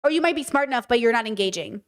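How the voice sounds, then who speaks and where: With a fairly high pitch, a young adult woman carries her podcast as a casual, animated monologue. She curses freely and tosses off quick impressions of people.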